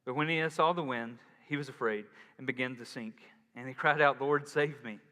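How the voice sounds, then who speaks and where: A man preaching a sermon as pastor, in a casual, animated way, acting out quotes. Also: medium pitch, normal speed. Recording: long hall reverb.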